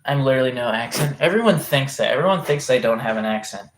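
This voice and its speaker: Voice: mid-range voice, lively intonation, fast talker. Rambling, swearing livestreamer reading chat. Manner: rambling, self-interrupting, reacting to chat messages; swearing freely.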